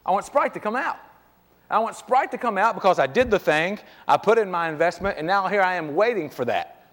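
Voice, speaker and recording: A man's voice: high-pitched, lively intonation, fairly quick, a bit bright, long reverb tail. A man pastor preaching a sermon in a church, talking conversationally and piling up rhetorical questions. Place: church sanctuary.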